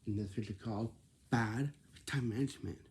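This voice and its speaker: A man telling a rambling casual story, repeating himself and dropping into soft whispers. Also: fairly low pitch, normal speed, a little hiss or hum. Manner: repetitive, restarts phrases, drops into soft whispers.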